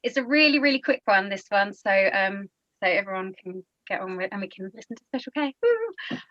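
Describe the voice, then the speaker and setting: A woman's voice: mid-range voice, sing-song, a little fast, no echo. A woman poet giving a brief, upbeat introduction over a video call. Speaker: open mic poet. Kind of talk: casual introduction. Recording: dry, dull lo-fi call audio.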